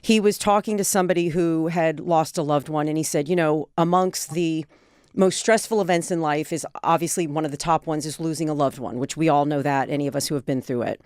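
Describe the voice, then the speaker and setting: A woman hosting a podcast, talking earnestly with a guest, explaining at length and asking gentle questions. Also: sits low, brisk, no room sound, clean studio sound. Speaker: podcast host. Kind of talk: supportive podcast conversation.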